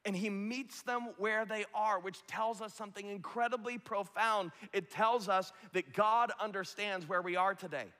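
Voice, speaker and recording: A man's voice: high-pitched, normal speed, few pauses, bright, forceful tone. A man preaching a sermon as pastor, impassioned and building to a rousing call. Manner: impassioned, preacherly, acts out quotes. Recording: long echo of a large hall.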